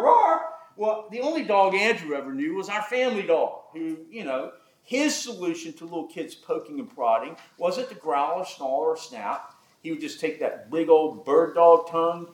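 A man's voice: sits high, echoey room, low-quality recording. A man preaching a sermon, telling folksy stories with jokes. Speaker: pastor.

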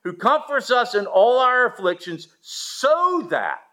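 A man preaching a sermon, emphatic, asking the listeners rhetorical questions and swinging from loud to hushed. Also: extremely high pitch, very animated, slow pace.

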